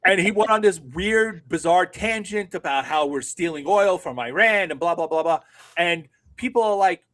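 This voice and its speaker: A man's voice: sits high, fairly quick, fairly bright tone. A middle-aged man co-hosting a political talk show, ranting sarcastically and swearing often. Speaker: political podcast co-host. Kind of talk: casual political commentary.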